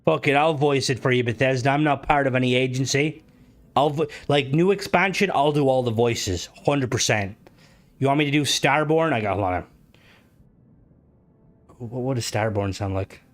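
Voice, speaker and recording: A game streamer with a mid-range voice chats casually on a live stream at a moderate pace. He rambles, full of fillers, restarts and swearing.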